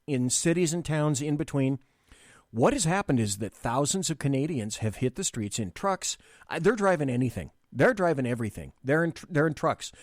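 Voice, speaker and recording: A man's voice: on the high side, no room sound, studio quality. A man hosting a live political talk show, blunt and rambling, with frequent restarts.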